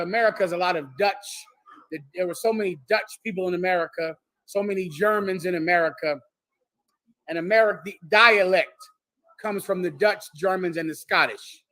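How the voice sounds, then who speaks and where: A man's voice: high voice, a bit bright. A man leading a congregation, giving a bold, joking preaching lecture and answering questions from the floor. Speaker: leader teaching a congregation. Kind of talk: street-style preaching lecture.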